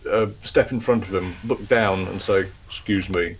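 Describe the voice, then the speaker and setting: Player, male, lowish voice, laid back, faint hiss. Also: moderate pace, poor audio. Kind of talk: casual tabletop play.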